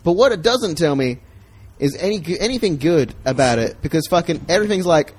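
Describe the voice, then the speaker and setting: A man's voice: a little high, lively intonation, fast talker, husky. A man chatting casually on a podcast as a comedian, rambling, swearing and joking.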